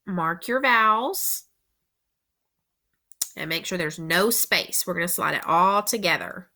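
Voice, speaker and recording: A woman teacher slowly dictating a spelling test to young students, repeating each word with careful, deliberate instructions. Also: fairly low pitch, lively intonation, sharp tone.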